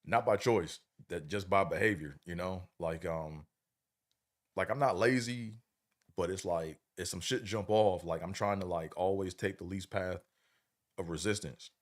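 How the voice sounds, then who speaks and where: A middle-aged man with a very low voice talks loosely on his livestream. His delivery is relaxed and slangy, and he rambles from point to point. He keeps turning to the audience to check they're following. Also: a little slow. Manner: laid-back, rambling, slangy, checks in with the listener often. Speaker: livestream host. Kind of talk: casual livestream chat.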